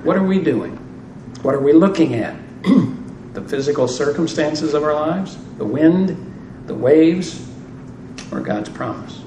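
A man's voice: a little high, animated, unhurried, long pauses, warm tone, slight background noise. A man preaching a sermon, conversational with dry humor. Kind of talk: sermon on scripture. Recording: roomy echo, distant mic, faint ambience.

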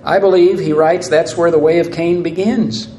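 A man preaching a sermon, speaking deliberately and posing rhetorical questions to his listeners, in a church hall. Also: a little high, steady tone, mellow, slight background noise. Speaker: pastor. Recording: roomy echo.

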